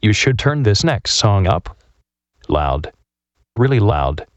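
A man voicing a male robot radio DJ who pushes listeners to turn the music up, with loud music behind him. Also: fairly low pitch, big pitch swings, slow pace, no room sound. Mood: hyped. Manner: hyped, pushy announcer delivery. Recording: announcer voice over loud music.

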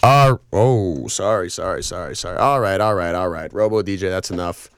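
With faint music behind him, a young man in his twenties hosts a college radio show in a small studio, rambling apologetically and making fun of himself. His low-pitched voice has a fairly bright tone and a moderate pace, captured on a studio mic.

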